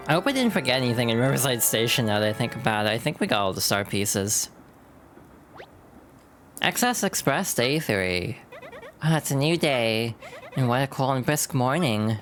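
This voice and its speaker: A woman streamer chatting casually over gameplay, self-deprecating and relaxed. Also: a bass voice, moderate pace, faint music behind. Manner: chatty, self-deprecating, reads game text aloud.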